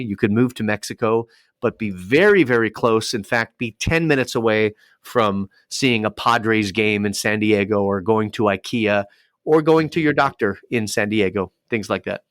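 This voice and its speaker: A man, a radio DJ, chatting as a podcast guest and telling lively stories with acted-out dialogue. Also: lowish voice, dry recording, clean studio sound. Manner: animated storyteller acting out dialogue. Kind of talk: casual podcast interview.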